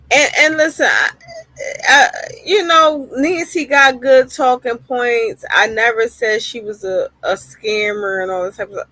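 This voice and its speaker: A woman's voice: medium pitch, pushed and bright, dry recording. A woman streamer ranting heatedly in live-stream reaction commentary, swearing often and repeating phrases for emphasis.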